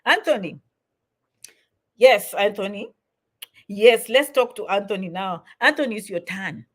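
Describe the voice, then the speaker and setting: A woman's voice: mid-range voice, a little slow, long pauses. A middle-aged woman hosting a livestream question-and-answer chat, repeating herself as she encourages viewers. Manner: repetitive, encouraging, emphatic. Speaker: host answering viewer comments.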